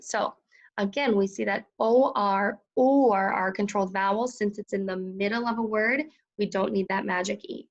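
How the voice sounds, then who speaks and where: A woman teacher guides young children through a phonics lesson at a slow, careful pace. Her voice carries a touch of vocal fry, and she patiently sounds out each word. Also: medium pitch, muffled recording. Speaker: second grade teacher.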